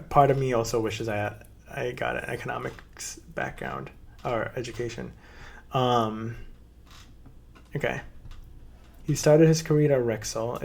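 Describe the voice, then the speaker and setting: Gravelly-voiced man reacting casually. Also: mid-range voice, a little mellow. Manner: rambling, self-correcting, playful asides. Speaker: streamer reacting to a video. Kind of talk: casual live reaction commentary.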